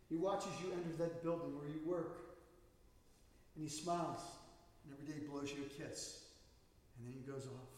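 Male pastor, slightly high voice, emphatic sermon delivery; distant mic in a reverberant sanctuary. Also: darkish tone. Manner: emphatic, draws out key words slowly. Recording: echoey hall, mic at a distance.

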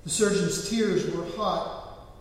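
A man's voice: sits high, slow. A man preaching a sermon, telling a story earnestly and often restarting his words. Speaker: pastor. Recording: echoey hall, distant mic.

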